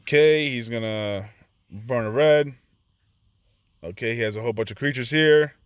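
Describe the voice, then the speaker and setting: A man's voice: medium pitch, normal speed, smooth, dry recording. Chatty man narrating his card game. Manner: chatty, acts out his own reactions to the opponent. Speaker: gaming channel host. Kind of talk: casual gameplay commentary.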